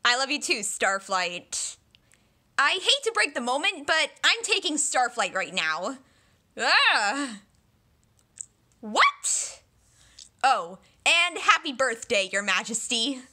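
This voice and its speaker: Slow, with long pauses, her high-pitched voice swings widely in pitch and sounds pushed and bright. She's a solo fan dubber playing the whole cast of young dragons in a comedic parody of a dragon story, full of silly voices, shrieks, and mutters.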